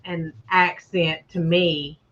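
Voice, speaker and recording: A woman's voice: lowish voice, steady tone, takes it slowly, a bit bright, highs cut off. A woman from West Tennessee with a Tennessee country accent, hosting a livestream chat, laughing often and reading out viewer comments. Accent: Southern US, Tennessee. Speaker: host.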